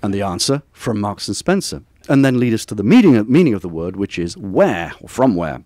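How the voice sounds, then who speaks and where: A man with a low voice reads his own essay aloud at a bookstore event. His delivery is measured and wry, with a literary cadence. The sound is dry and close. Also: very animated, warm tone, no room sound. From Durham, northern England. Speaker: author reading from his book. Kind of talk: reading aloud from a personal essay.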